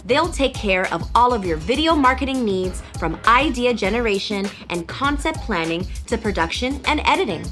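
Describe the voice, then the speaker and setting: Bright upbeat woman reading a sponsor spot. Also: a little high, animated, moderate pace, hardly any pauses, faint music behind. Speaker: group member reading a sponsor message. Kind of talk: read sponsor message.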